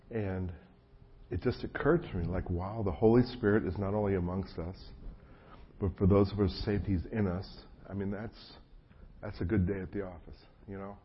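Folksy pastor, lower voice, muffled audio. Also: male voice, breathy edge. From New Jersey. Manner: folksy, self-deprecating storytelling with many asides. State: frog in his throat. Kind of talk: conversational sermon. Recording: muffled lo-fi audio with faint hum.

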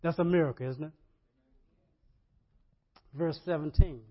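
A man preaching a sermon, animated, repeating words and rising to loud emphasis. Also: on the high side, unhurried. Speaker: pastor. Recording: dull lo-fi sermon audio.

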